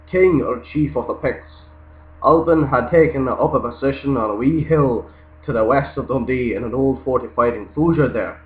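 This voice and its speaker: A man with a Scottish accent reads a folktale aloud, then talks casually in a halting, hesitant way with many ums. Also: mid-range voice. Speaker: YouTuber giving accent tips. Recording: echoey, tinny lo-fi recording.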